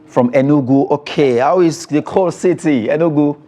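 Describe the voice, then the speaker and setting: A man's voice: on the high side, normal speed, mellow. A Nigerian man presents a weekend sports phone-in show. He talks in a loose, chatty way, laughs along with his callers and leans on filler words while he thinks. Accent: Nigerian English.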